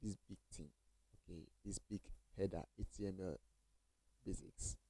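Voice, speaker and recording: A man's voice: deep voice, fairly even intonation, moderate pace, mellow, husky, dry recording, poor audio. A man teaching coding basics in a casual screen-share tutorial, repeating phrases and reassuring viewers with many okays.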